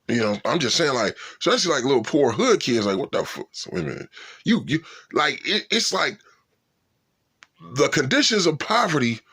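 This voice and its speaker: A man's voice: medium pitch, a bit bright. A man in a casual, profane rant, swearing and sounding incredulous. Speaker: vlogger.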